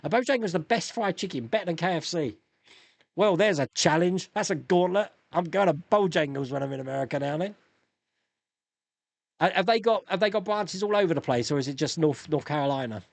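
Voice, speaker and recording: A man's voice: on the high side, a little fast, creaky, dry recording. A man in his fifties from England, hosting a casual live stream, chatting and reading out viewer comments with frequent laughs. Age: 50s. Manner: chatty, animated, laughs often.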